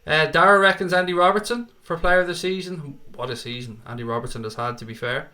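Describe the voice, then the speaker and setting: Bright-voiced man chatting on a stream. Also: on the high side, fast talker. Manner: chatty, informal, keeps calling viewers mate and pal. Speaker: host of a football fan live stream. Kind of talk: casual live-stream chat reading viewer comments.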